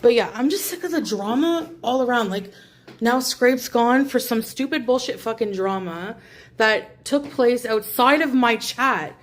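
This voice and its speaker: A woman's voice: a little high, animated, measured pace. Woman ranting angrily on a livestream. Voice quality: angry, profane ranting. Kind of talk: livestream rant.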